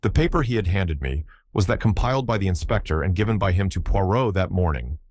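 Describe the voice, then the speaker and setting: A man narrating a classic mystery audiobook in a measured, even way. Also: low-pitched. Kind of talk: scripted narration.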